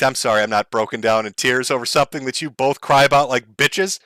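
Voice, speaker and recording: Sarcastic, lively man ranting on stream. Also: medium pitch, moderate pace, dry recording. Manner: sarcastic, crude, mock-panicked asides. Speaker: streamer host. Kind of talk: mocking livestream rant.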